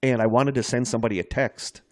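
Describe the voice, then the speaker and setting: A man's voice: medium pitch, fairly even intonation, fast, no echo, studio quality. A man co-hosting a podcast in casual chat, rambling and self-deprecating as he tells stories. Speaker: podcast co-host.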